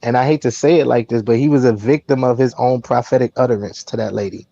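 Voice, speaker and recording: A man on a casual talk show pushes his argument home and repeats words as he presses on. His voice is dark and mellow. The sound is dry and a bit dull, with faint music beneath. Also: mid-range voice, steady tone, fast, gravelly, no room sound. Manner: emphatic, repeats words when pressing a point. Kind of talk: casual chat.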